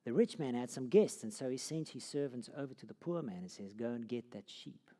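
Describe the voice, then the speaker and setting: A man teaching a Bible course tells the story dramatically in an animated, dark, medium-pitched voice, a little fast, sinking to a near whisper at key moments. The recording has long hall reverb.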